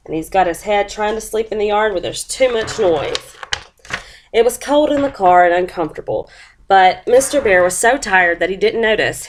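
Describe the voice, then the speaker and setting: Sounding sniffly from a cold, a woman lays out a first-grade lesson and then reads a picture book slowly, complete with voices and sound effects. Her pitch sits fairly low.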